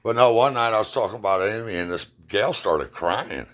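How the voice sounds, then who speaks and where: A man's voice: on the low side, animated, a little fast, fairly bright tone, slight background noise. A middle-aged man telling personal stories at home in a rambling, plain-spoken, profane way. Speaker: storyteller. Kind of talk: casual personal storytelling.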